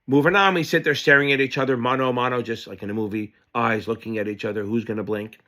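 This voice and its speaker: A man teaching exam material by telling a rambling personal anecdote. He talks in an animated, offhand way and drops the odd curse. His voice sits at an ordinary, middle pitch. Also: fast talker. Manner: animated storyteller, loose and profane. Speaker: exam prep tutor. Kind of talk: casual lesson told through a personal anecdote.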